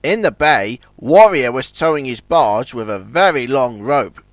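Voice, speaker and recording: Expressive male storybook narrator. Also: medium pitch, measured pace, dry recording. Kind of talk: scripted narration of a children's story.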